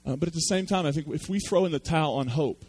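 A man's voice: fairly high pitch, fast talker, a little mellow, husky. A man preaching a sermon, telling a story with self-deprecating humor. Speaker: pastor.

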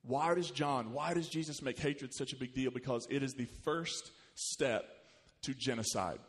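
A man preaching a sermon as pastor, animated, rising in pitch and volume when he quotes scripture. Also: normal speed. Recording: long hall reverb.

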